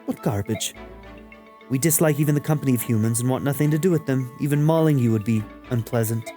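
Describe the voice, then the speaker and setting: A man's voice: mid-range voice, fast, mellow, faint music behind, natural voice. A man voicing an aloof, scornful female cat-beast warrior in a video game let's play, talking dry and scoffing.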